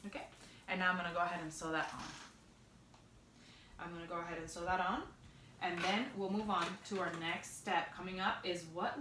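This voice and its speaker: A woman's voice: fairly low pitch, fairly even intonation, normal speed, reverberant, noisy background. A young woman talking through a sewing project in a casual, chatty way, often correcting herself. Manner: chatty, self-correcting, upbeat. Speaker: sewing instructor.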